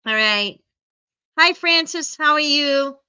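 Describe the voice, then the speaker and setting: Chatty woman, bright stuffy voice. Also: high voice, animated, takes it slowly. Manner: greets viewers by name, chatty. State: stuffy from allergies. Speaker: livestream host. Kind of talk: casual livestream chat.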